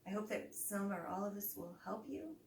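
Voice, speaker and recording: A woman yoga teacher talking listeners through a slow relaxation, with soft breathy cues and audible sighing exhales. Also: medium pitch, animated, far from the mic. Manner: casual, chatty wrap-up. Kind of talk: guided relaxation instruction. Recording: roomy echo, voice set back from the mic, faint background noise.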